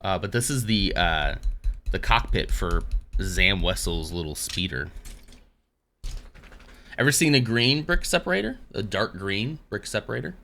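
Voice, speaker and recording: A man's voice: on the low side, animated, unhurried, creaky, pauses often, pushed and bright. A man hosting a casual live stream, rambling along between dad jokes. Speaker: livestream host.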